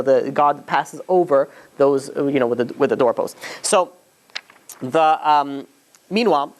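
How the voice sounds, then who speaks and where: A man teaching as a rabbi, telling a story informally to a class, with many restarts and asides, and acting out the quotes. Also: mid-range voice. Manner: chatty, with frequent restarts and "you know"s, acts out quotes.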